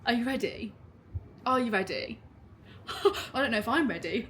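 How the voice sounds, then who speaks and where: A young woman, chatting casually at home while unboxing a clothing haul in an excitable, gushing way. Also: on the high side, moderate pace, long pauses. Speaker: vlogger.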